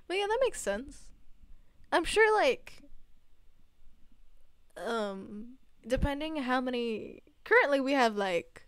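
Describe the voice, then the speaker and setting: Young woman streamer, slight Southern US accent, slow and unhurried, smooth and close with a dry sound; giggly, rambling chat. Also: high-pitched, sing-song, dry recording. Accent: subtle Southern US. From Southern United States. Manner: giggly, rambling, laughs often. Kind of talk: casual livestream chat with chat readers.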